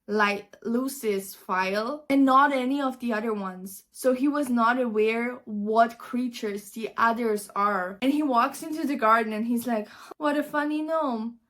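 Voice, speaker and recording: A woman chats animatedly as she sums up a book for her vlog. Her voice sits slightly high, and her casual, filler-laden talk keeps bubbling along. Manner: chatty, animated, many fillers. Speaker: book vlogger.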